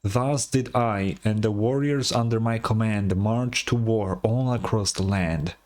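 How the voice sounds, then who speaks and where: A man's voice: on the low side, a little slow, darkish tone, natural voice. A man voicing a boastful, pompous male rebel leader who tells his tale in grandiose tones. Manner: grandiose storytelling.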